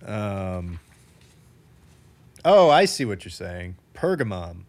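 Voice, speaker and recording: A man's voice: low voice, very animated, slow. A man from the Midwest co-hosting a podcast, chatting casually, laughing often and correcting himself as he goes. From American Midwest. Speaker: podcast co-host. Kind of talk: casual chat.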